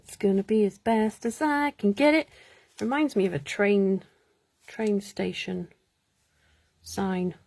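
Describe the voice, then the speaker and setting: A woman's voice: mid-range voice, slow, gravelly, darkish tone, a little hiss or hum. A woman hosting a live card-making stream, chatting, muttering to herself and laughing as she works. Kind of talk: casual live crafting chat.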